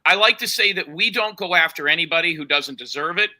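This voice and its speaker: Talking fast in a fairly high, sharp voice, a man hosting a podcast presses his side of a story in a heated argument. He keeps talking over everyone else.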